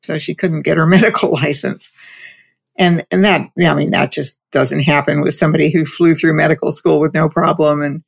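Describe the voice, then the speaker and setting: A woman with a strongly gravelly, fry-laden voice relates a story in relaxed conversation. She stumbles and repeats words as she goes, slipping in a light laugh now and then. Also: low voice, brisk. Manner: frequent restarts and repeated words.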